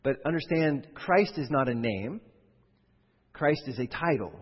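A man's voice: mid-range voice, lively intonation, unhurried, slightly rough. A man preaching a sermon as pastor, in a conversational way that explains through rhetorical questions. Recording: dull sound with long hall reverb.

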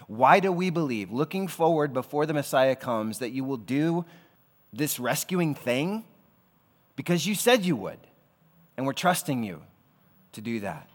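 A man's voice: medium pitch, lively intonation, normal speed. Man preaching in a reverberant hall. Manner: casual, conversational preaching with slang asides. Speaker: pastor. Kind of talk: sermon.

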